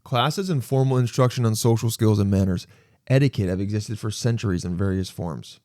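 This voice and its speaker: A man's voice: on the low side, brisk, darkish tone, no echo, studio quality. A young man hosting a solo podcast, rambling and self-mocking as he acts out imagined conversations. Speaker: podcast host.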